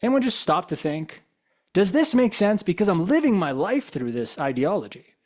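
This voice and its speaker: A man's voice: sits high, very animated, moderate pace, a little mellow. A man giving a motivational talk as a guest speaker, telling stories and pressing his audience with rhetorical questions. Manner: probing, full of rhetorical questions.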